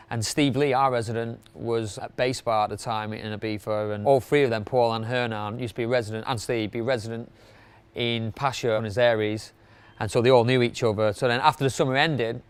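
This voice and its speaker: A man's voice: medium pitch, smooth. A man counting down his favourite club DJs in a casual, rambling way, with many fillers and restarts.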